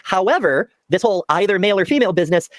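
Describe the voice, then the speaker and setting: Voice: medium pitch, animated, racing, no room sound. A podcast guest making wry, sarcastic asides during the discussion.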